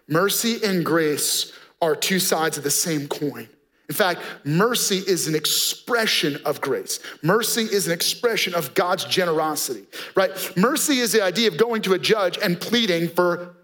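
A man preaching a sermon, slow and emphatic, often dropping softly on key words. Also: a little high, lively intonation. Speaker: pastor.

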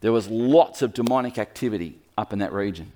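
A man preaching a sermon in a lively storytelling manner, speaking to the room as he points at a map. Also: fairly low pitch, a little fast. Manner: lively storytelling, acts out quoted voices.

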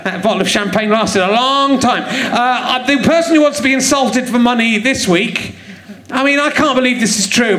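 A man hosting a live comedy podcast on a theatre stage, joking and teasing the audience and laughing often. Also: high-pitched. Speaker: comedian host. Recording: echoey theatre with crowd laughter.

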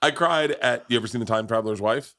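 A man's voice: mid-range voice, fast, a bit bright. A middle-aged man hosting a podcast, telling stories in a boisterous, profane, casual way. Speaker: podcast host.

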